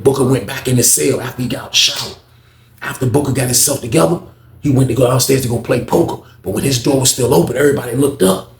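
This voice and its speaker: A man's voice: mid-range voice, creaky. Slangy young man telling a story. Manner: slangy, repeats lines for emphasis. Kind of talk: casual storytelling vlog. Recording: echoey room.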